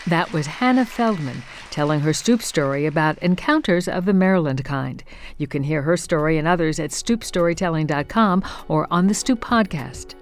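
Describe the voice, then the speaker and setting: Low-voiced female radio host. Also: animated, normal speed, a faint crowd. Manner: friendly scripted sign-off. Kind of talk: radio show outro. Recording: radio broadcast with faint music bed.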